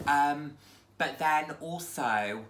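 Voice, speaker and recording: Low-voiced woman in a roomy echo. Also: very slow. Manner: chatty, reflective, many ums. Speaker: vlogger. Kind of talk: casual chat to camera.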